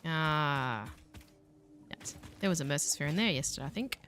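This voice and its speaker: An Australian woman streams a game and chats playfully with her viewers. Her voice is bright and a little low for a woman. Soft game music runs behind her. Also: lively intonation, moderate pace. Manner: chatty, playful, talks to her chat as she plays. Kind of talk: casual live-stream chat while gaming.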